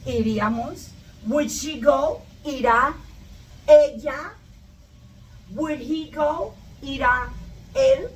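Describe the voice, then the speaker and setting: A woman's voice: high-pitched, slow, long pauses. A woman teaching English to Spanish speakers in a chatty live lesson, wandering into tangents and repeating example questions, recorded with static. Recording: static, echoey, mic far off.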